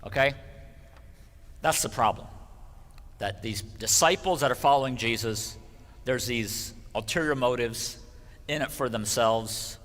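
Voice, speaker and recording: Male pastor giving a conversational sermon in a long-echo church hall; animated delivery, bright voice. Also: mid-range voice, unhurried, long pauses. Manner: animated, conversational, asks "right?" often. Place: church sanctuary.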